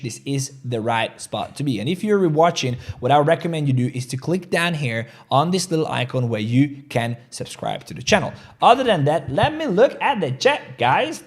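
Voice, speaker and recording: A man hosting a casual crypto trading livestream, talking energetically and reading out chat comments. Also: on the high side. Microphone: desk mic, studio chair creaking.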